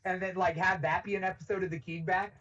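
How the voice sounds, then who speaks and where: A man's voice: sits high, fast talker. Chill podcast host guy, says like a lot, sounds far off and muffled. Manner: relaxed, lots of "like". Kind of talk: casual chat.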